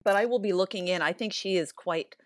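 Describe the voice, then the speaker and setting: A woman co-hosting a casual book chat, measured and thoughtful with hesitant phrasing. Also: mid-range voice, dry recording, studio quality. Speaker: podcast co-host.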